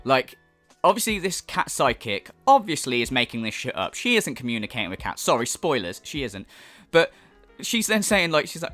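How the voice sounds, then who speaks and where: A man's voice: mid-range voice, very animated, normal speed, sharp tone. British guy ranting and mocking stuff, swears a lot, voice jumps all over, bit of music under it. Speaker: YouTube commentator. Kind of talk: sarcastic reaction commentary.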